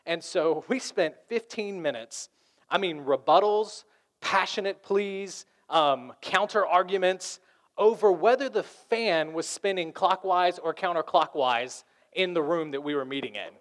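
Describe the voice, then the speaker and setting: A man pastor preaching a lively sermon, acting out the voices of arguing people. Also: high voice, unhurried.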